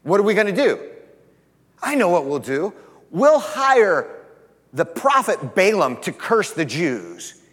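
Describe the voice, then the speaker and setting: A man's voice: high voice, sing-song, slow, a bit bright, husky, long reverb tail, exaggerated voice. A man voicing an agitated male king who speaks in a raised voice. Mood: worried. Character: worried, angry male king.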